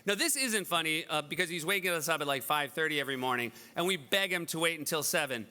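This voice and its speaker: A man in his forties with a high, very bright, crisp voice hosts a benefit gala. His stories are dry and self-deprecating, told in an animated stand-up manner. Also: fast talker. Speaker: event host. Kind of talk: stand-up style benefit hosting. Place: large event hall.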